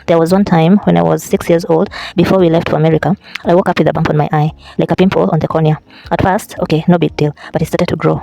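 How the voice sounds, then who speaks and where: A vlogger with a fast, gravelly, mellow, medium-pitched voice reads a book aloud in a casual, unpolished way. He's halting, often restarting and correcting himself. The recording is dry and the audio quality is poor.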